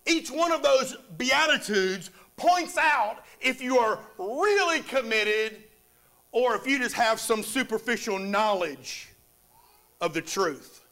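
A man's voice: very high-pitched, lively intonation, takes it slowly, bright, forceful tone. A man preaching a sermon in church, calling for amens from the congregation. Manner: preaching with call-and-response amens. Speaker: pastor.

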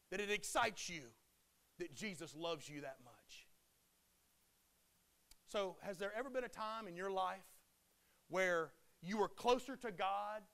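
High, bright-voiced passionate preacher man. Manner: emphatic preaching with loud passionate peaks and hushed drops. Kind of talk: sermon.

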